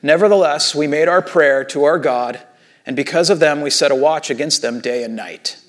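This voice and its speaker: A pastor with a slightly high voice preaches casually, posing rhetorical questions and slowly reading scripture aloud.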